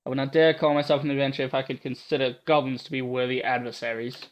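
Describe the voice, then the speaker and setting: A man voicing a gruff, blunt woman warrior with a put-on Scottish accent, reading a visual novel aloud. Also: mid-range voice, flat delivery, fast talker, close to an everyday voice. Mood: curt. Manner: brusque, commanding. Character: gruff tough woman swordswoman, blunt and bossy.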